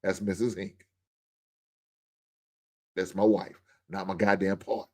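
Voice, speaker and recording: A man's voice: deep voice, little pitch movement, a little slow, dark tone. A middle-aged man hosting a show, in a blunt, joking, ranting monologue. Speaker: podcast host. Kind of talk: casual monologue.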